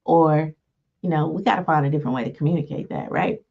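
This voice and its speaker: Woman, low gravelly voice, casual teaching talk, keeps asking "right?"; dull lo-fi recording. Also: fast talker, a little mellow. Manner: frequent "right?" check-ins, acts out quoted exchanges. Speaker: teacher of a self-help lesson series. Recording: dull lo-fi sound.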